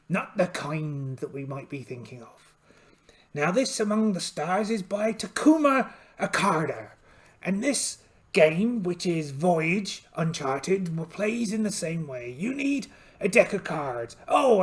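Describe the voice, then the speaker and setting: A man of middle age runs a solo tabletop game in cheerful pirate-speak, slipping between as he goes. His voice sits a little high and swings widely in pitch. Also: very animated, measured pace. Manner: playful pirate-speak, drifting between accents. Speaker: host and solo game player. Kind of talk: solo tabletop role-playing actual play.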